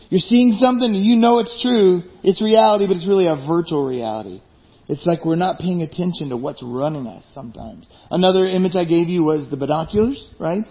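A man preaching a conversational sermon as a pastor, often asking the congregation rhetorical questions. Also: on the high side. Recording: dull lo-fi sound.

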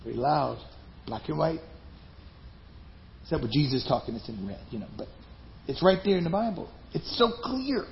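High-voiced man preaching a sermon. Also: very animated, normal speed, creaky, pauses often. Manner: emphatic, conversational preaching. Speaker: pastor. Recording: dull lo-fi recording.

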